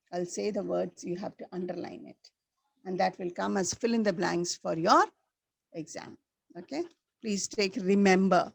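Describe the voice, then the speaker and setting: A woman teaching a school class, slowly repeating the key words for her students. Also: mid-range voice, vocal fry, a little mellow, no echo. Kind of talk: classroom lesson.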